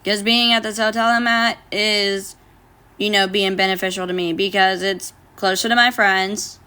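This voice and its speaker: A smooth, pushed, bright voice of medium pitch carries a steady tone at normal speed. It belongs to a young woman on a casual phone livestream who reads viewer comments aloud and responds bluntly, swearing plenty.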